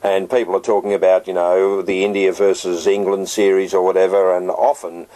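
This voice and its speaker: A man's voice: deep voice, little pitch movement, fairly quick, warm tone, poor audio. A man, a comedian guest chatting in a radio studio interview, rambling along with plenty of ums. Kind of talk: casual radio interview chat.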